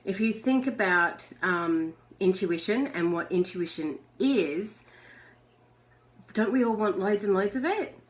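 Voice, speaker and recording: A middle-aged woman talks to her viewers in a live video chat. Her voice sits in an ordinary middle pitch. She is chatty and laughs often, speaking into a webcam. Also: lively intonation, slow. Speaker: host.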